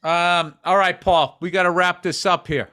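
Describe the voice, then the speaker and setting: A man's voice: sits high, steady tone, moderate pace, bright, forceful tone, clear, resonant tone, no room sound, clean studio sound. A man co-hosting a podcast, in wry, profane, rambling chat. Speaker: podcast co-host.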